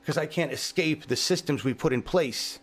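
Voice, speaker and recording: A man hosting his own channel, delivering an impassioned, profane rant outdoors in his yard, swinging between grief and shouting. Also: fairly high pitch, normal speed. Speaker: channel host.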